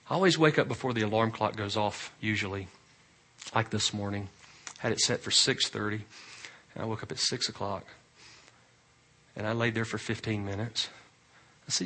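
A male pastor preaching a sermon, swinging from loud emphatic rises to quiet, low asides.

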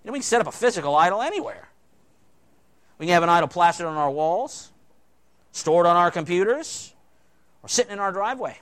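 A male pastor preaching a sermon, swinging between loud, emphatic lines and quiet, low asides. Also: lively intonation, a little fast, long pauses.

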